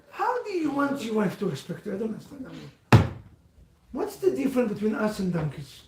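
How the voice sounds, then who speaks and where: Man, high voice, livestream sermon, preachy and repetitive, echoey room, mic set back. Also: brisk, distant mic, a crowd in the background. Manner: animated, preachy, repetitive, calls out to listeners. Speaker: religious speaker.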